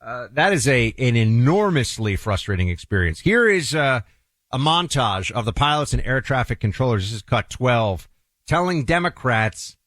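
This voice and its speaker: A man hosting a political talk show, delivering commentary in a halting way, full of restarts and uhs, with pitch that jumps up for emphasis. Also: big pitch swings, a bit bright, no room sound, studio quality. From New York City. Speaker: radio talk show host.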